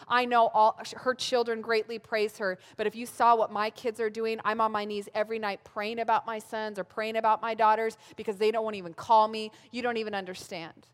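A woman, preaching a sermon in a humorous, self-mocking storytelling way. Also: medium pitch. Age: 30s. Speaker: pastor speaking at a women's gathering. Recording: long hall reverb.

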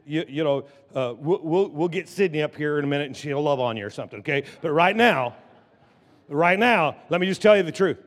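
A man preaching a lively sermon as pastor, drawing the congregation into call-and-response. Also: on the high side, brisk. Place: church sanctuary. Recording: long church hall reverb.

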